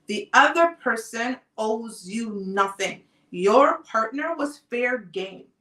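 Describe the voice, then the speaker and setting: Calm woman host telling a story. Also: on the high side. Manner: calm, deliberate personal storytelling. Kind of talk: live talk show monologue. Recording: roomy sound, off-mic distance.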